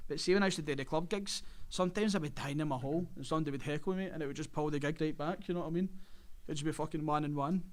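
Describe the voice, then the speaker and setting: A man's voice: on the high side, very fast, hardly any pauses. A Scottish man, a stand-up comedian, chatting in a studio podcast, swearing freely and laughing through his stories. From Scotland. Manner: brash, swearing, laughing storyteller. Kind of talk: casual podcast chat.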